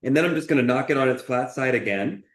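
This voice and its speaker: A man's voice: mid-range voice, expressive, fast, roomy sound. A man chef teaching a cooking lesson, talking through each cut in an encouraging way and often checking in with "okay?". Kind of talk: cooking demonstration. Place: kitchen.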